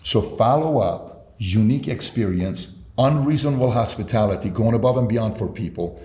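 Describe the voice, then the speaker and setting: Low-voiced man telling a sales story. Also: normal speed, warm tone, roomy sound. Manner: emphatic storyteller, quotes himself in dialogue. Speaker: sales mentor guest. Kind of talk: storytelling in conversation.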